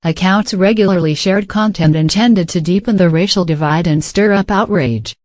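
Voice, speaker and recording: A man's voice: sits high, normal speed, no echo. A man from Africa hosting a late-night comedy show, delivering a scripted monologue and playing the dry, incredulous straight man.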